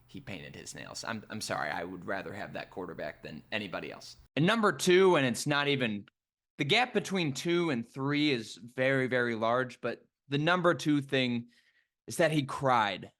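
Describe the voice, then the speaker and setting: A man who works as a sports radio producer, giving an animated, emphatic opinion rant with quick asides. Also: mid-range voice. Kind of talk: casual opinion rant to camera.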